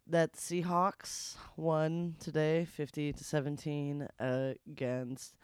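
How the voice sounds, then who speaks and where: A woman's voice: sits low, little pitch movement, slow pace, smooth, no room sound, clean studio sound. A woman co-hosting a podcast in casual chat, who swears freely, laughs a lot and trails off with ums. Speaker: podcast co-host.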